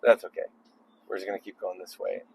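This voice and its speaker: A man's voice: deep voice, fairly even intonation, brisk, vocal fry, a little mellow, husky, rough recording. A man making a casual video while driving on the freeway at night, rambling with joking asides. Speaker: vlogger.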